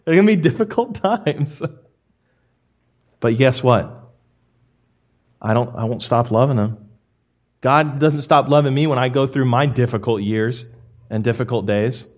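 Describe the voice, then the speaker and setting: A young man preaching a sermon, emphatic and lively, swinging from quiet to loud. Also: mid-range voice. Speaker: pastor.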